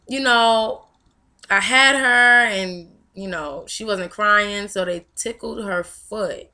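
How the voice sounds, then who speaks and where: A young woman speaks straight to her viewers in a candid, emotional vlog. Her voice is bright and clear, set at an average pitch. She tells her story at length, full of "you know" and little restarts. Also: slow. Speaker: vlogger. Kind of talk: personal testimony vlog.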